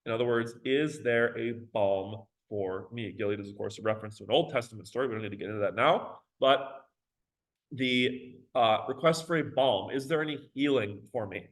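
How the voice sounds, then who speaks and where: A male teacher lectures on a poem in a loose, casual way, full of fillers and quick asides. He breaks into dramatic recitations of the verse now and then. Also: medium pitch, low-quality recording. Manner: casual, many "you know" and "okay?" fillers, dramatic readings of verse.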